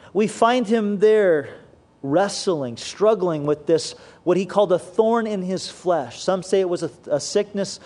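A man with a fairly high voice delivers a sermon. He speaks earnestly and slows down, dropping quieter and lower whenever he quotes scripture. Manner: earnest preaching, slows and drops low when quoting scripture. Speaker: pastor.

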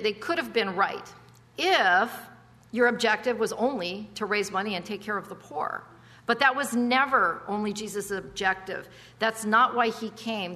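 A woman's voice: medium pitch, bright, forceful tone, in a large hall. A woman preaching a conversational sermon, emphatic, with chatty asides and rhetorical questions.

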